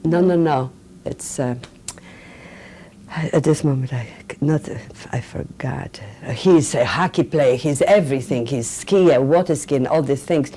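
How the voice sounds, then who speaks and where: Older woman with a low, mellow voice. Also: a little hiss or hum. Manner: halting, with many fillers and restarts. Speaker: interviewee, Holocaust survivor. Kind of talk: recorded oral history interview.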